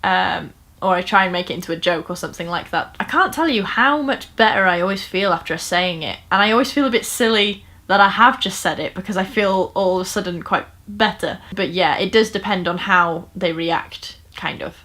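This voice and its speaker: A woman talks to her camera in a relaxed, personal storytime vlog. Her delivery is earnest and conversational, full of fillers and self-corrections as she works through her thoughts. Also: lowish voice, a little fast, few pauses. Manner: earnest, chatty, with frequent fillers and restarts. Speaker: vlogger. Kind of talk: casual personal storytime talk.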